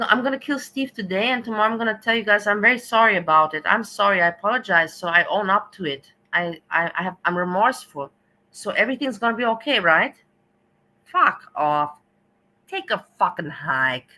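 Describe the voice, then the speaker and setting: Bright-voiced woman ranting on stream. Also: medium pitch, low-quality recording. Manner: rambling, sarcastic, exasperated. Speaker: stream host. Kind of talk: commentary.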